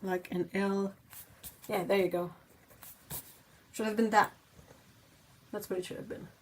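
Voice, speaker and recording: A woman's voice: medium pitch, flat delivery, a little slow, slight background noise. A woman whose first language is French, hosting a livestream in a rambling, playful chat, often giggling and poking fun at herself. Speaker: livestream host. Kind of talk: casual chat while painting.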